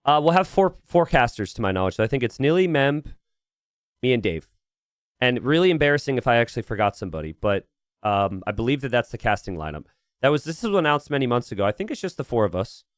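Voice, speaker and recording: A very animated man with a medium-pitched voice casts a strategy game live, talking quickly. He rambles casually, thinking aloud as he reads and replies to his chat, and the studio-quality audio has no room sound.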